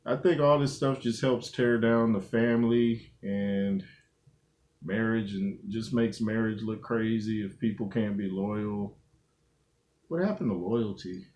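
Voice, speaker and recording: A man's voice: lowish voice, measured pace, darkish tone. A man from Southern California co-hosting a casual chat, laid-back and rambling, trailing off with fillers. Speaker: podcast co-host.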